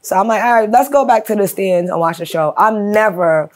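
A woman from Queens, a guest rapper telling a story in a casual interview. She talks in a profane, animated way and acts out the voices of the people she quotes. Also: medium pitch, fairly quick. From Queens, New York.

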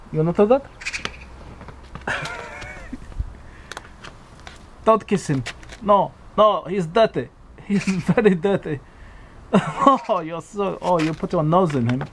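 A man playing a high, giggly vain demon. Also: slight background noise, lightly acted. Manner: broken English, cooing baby talk to an animal. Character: vain self-styled demon, childish, doting and giggly. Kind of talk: comic character monologue. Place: back garden, outdoors.

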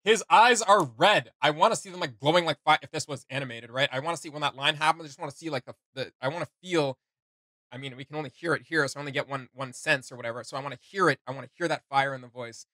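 A man's voice: mid-range voice, racing, no echo. A man co-hosting a reaction show, chatting casually and critiquing with lots of restarts. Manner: animated, critiquing, many restarts and "like".

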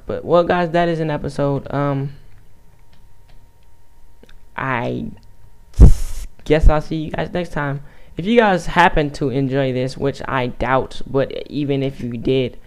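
A man's voice: mid-range voice, a little slow, long pauses, smooth. Rambling, stuttering man gaming. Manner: rambling, stuttering, restarts sentences. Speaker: YouTube gamer. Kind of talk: casual gameplay commentary.

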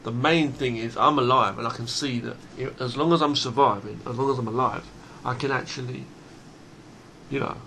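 Male monologue, forceful and unpolished, restarts sentences, average pitch. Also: steady tone, moderate pace, gravelly, a little hiss or hum. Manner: blunt, emphatic, swears freely; repeats and restarts phrases. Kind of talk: unscripted monologue.

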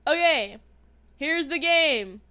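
High-voiced excitable woman streamer. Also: takes it slowly, slight background noise. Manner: excitable, dramatic outbursts and playful whining. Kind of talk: casual gaming livestream chat. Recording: stream audio with music playing underneath. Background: background music.

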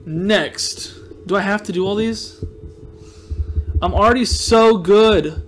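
A young man with a notably high-pitched voice gives casual let's play commentary. He is excitable and self-mocking, yelping and groaning as each shot lands or misses. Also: takes it slowly, faint music behind. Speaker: gaming video host.

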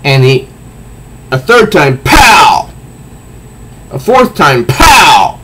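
A man's voice: medium pitch, big pitch swings, measured pace, a bit bright. A man giving a casual comic book review, recounting panels aloud with sound effects and frequent restarts.

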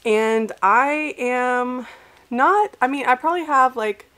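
A woman's voice: high-pitched, slow, a bit bright. A young woman talks casually to her viewers about books and her week. Her talk wanders, full of fillers and restarts, and she is still getting over an illness. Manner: chatty, rambling, lots of fillers and restarts. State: recovering from illness, tearful at times. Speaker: book vlogger. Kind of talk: casual vlog chat.

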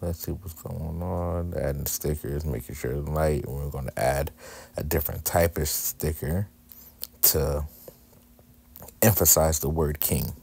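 A man's voice: rumbling low, a little slow, gravelly, darkish tone, breathy edge. A man narrating his wife's journaling craft video in a candid, joking, self-deprecating way. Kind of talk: casual voice-over narration.

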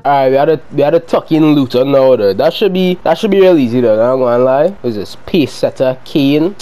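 A young man giving heated, profane commentary while playing a football video game, often shouting at his players. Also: mid-range voice, fairly quick, faint music behind, rough recording. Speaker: gaming video creator.

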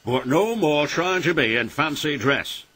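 A man's voice: a little high, expressive, unhurried, bright, forceful tone, husky, heavily acted. A man voicing a stern, portly male railway boss giving firm instructions in a storybook reading. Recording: music playing behind.

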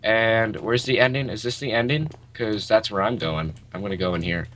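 A man in casual gaming chat with a friend, excitable and yelping at mishaps. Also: on the low side, moderate pace, slight background noise. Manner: excitable, yelps and shouts at mishaps. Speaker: gamer playing with a friend.

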